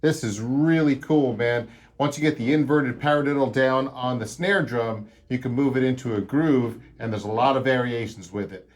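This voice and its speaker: A man giving a casual drum lesson, talking straight to viewers in a relaxed, upbeat way. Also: medium pitch, normal speed. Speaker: drum teacher. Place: drum studio.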